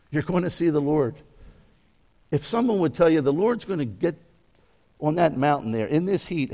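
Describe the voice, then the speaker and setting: A man preaching a conversational sermon outdoors near a mountain, asking his listeners questions and moving between soft asides and raised emphasis. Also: on the high side. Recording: long reverb.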